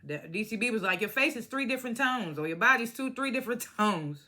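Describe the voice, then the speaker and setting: Young woman, bright and forceful voice, casual profane TV recap, blunt opinions. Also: fairly high pitch, lively intonation, fast talker. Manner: blunt, profane and opinionated, mimics cast members. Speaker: reality TV recap vlogger. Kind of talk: casual reality show review.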